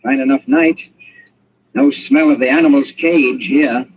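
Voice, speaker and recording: An actor playing a young British colonial official who talks in a dry, probing, ironic way, in an old radio drama. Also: male voice, medium pitch, fairly even intonation, a little slow, husky. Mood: calm, probing. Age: young adult. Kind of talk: 1940s radio drama acting. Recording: dull lo-fi old radio recording, faint hiss.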